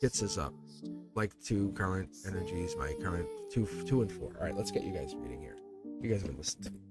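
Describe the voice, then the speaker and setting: A tarot reader on a live stream speaks fast in a low voice with lively intonation, music playing behind him. Chatty and teasing, he laughs often as he reads.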